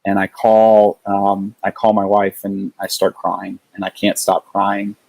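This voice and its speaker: A man with a lowish voice tells a story as a podcast guest, stopping and restarting often and leaning on fillers. The sound is dry and close, with no room around it. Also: completely flat delivery, vocal fry, a little mellow, no room sound, low-quality recording. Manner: halting, many restarts and fillers. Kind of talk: casual storytelling.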